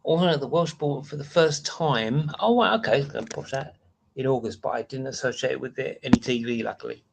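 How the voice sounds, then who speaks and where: A man with a British accent talks casually on his live stream, in a mid-range voice that sits neither high nor low. He rambles from one aside to the next and stops to answer viewers' comments as they come in. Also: fairly quick, gravelly, slight background noise.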